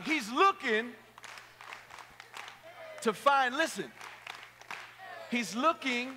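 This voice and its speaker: A male pastor with a very high, bright, ringing voice preaches to a youth camp crowd. He jokes around and leads the room in call-and-response. The sound carries a long hall echo. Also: animated, slow pace, pauses often, a little hiss or hum. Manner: playful, joking, rallying the crowd. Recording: echoey hall.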